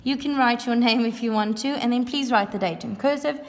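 A woman teacher giving a grammar lesson to young pupils, patient and sounding words out slowly. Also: fairly high pitch. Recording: echoey room with long reverb.

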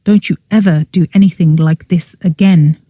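A woman gives voice to a stern male agent from an audiobook mystery, cutting and cold. The tone is dark and mellow, recorded dry and close. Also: on the low side, fairly even intonation, moderate pace, breathy edge, no echo. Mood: quiet warning. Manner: cold and acid.

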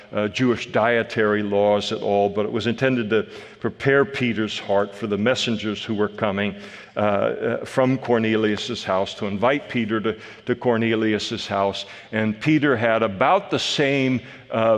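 A male pastor teaching a verse-by-verse sermon in a conversational way, with frequent fillers and restarts. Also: on the low side. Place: church sanctuary. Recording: church hall with long reverb.

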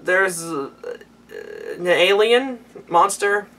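A man's voice: high voice, expressive, slow pace, creaky, fairly bright tone, far from the mic. A tipsy young man rambling through a recap, stammering and restarting his sentences. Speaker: vlogger recapping an anime. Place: small warm room indoors.

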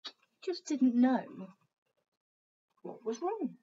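Slow, expressive teacher reading a picture book. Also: female voice, high-pitched, breathy edge, highs cut off. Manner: expressive storytelling, pointing out pictures. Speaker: primary school teacher reading aloud. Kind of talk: picture book read-aloud for children.

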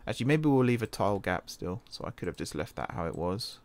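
This British let's-play host talks fast in a lowish voice with big pitch swings. Playing a computer game, he thinks aloud casually, frequently changes his mind and corrects himself, and his wrist is hurting.

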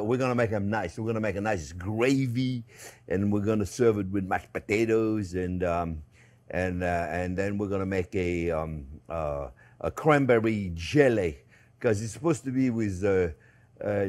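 A man with a French accent hosting a casual cooking demonstration, chatty and playful, chuckling often with lots of fillers. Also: on the low side. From France. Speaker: cooking show host.

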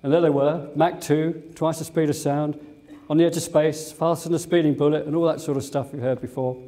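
A man's voice: on the high side, steady tone, fairly quick, mellow. An older English man, a former airline captain, giving a museum talk full of fond anecdotes and fillers. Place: museum lecture room.

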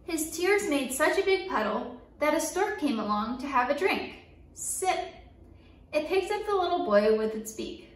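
A woman reads a children's picture book aloud, bright and high in pitch, and she adds playful sound effects as she goes. Her voice sits a little away from the microphone, in a roomy space with a noticeable echo. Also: normal speed, few pauses, far from the mic. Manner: lively, playful sound effects and call-and-response. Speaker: story time reader. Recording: echoey room, voice a bit off-mic.

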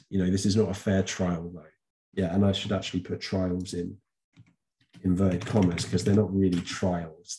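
A man's voice: low voice, mellow. A man talking through a casual revision lesson, chatty and loose, with frequent ums and self-corrections as he explains to the camera. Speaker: teacher. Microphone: camera recording.

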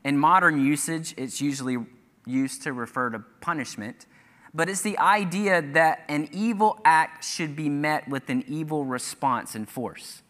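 A man's voice: on the high side, unhurried, a bit bright. A man preaching a sermon as pastor, earnestly reading scripture aloud with emphatic rises. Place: church sanctuary. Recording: church hall reverb.

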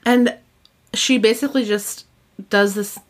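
A woman's voice: on the high side, fairly even intonation, unhurried. A young adult woman hosting a podcast, chatting casually as she recaps a story, with frequent "like"s and laughter. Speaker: podcast host. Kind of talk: casual chat.

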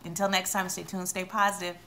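Chatty woman with a bright, gravelly voice. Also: lowish voice, flat delivery, a little fast. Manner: chatty, retells scenes with quoted lines. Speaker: TV recap vlogger. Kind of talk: casual recap chat to camera.

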